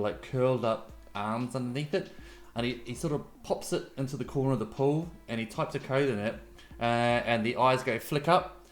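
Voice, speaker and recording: A man acting as game master for a tabletop role-playing game, telling the scene in a loose, meandering way full of fillers. Faint music plays under his voice. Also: medium pitch. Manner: rambling, descriptive, loose storytelling with fillers.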